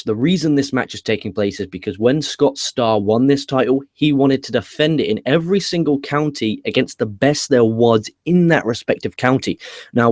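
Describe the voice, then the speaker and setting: A man's voice: mid-range voice, darkish tone, no echo, studio quality. A man giving a casual wrestling show review, chatty, with casual swearing and frequent restarts. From England.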